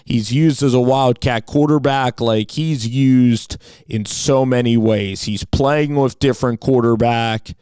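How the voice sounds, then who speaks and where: A man talks through game film in an eager, rambling way, leaning on "like" and "you know" as he goes. His voice is smooth and clear at a middling pitch. The sound is dry and close, with no room echo. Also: measured pace, a little mellow. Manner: enthusiastic, fills with "like" and "you know". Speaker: football film analyst. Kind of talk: film breakdown commentary.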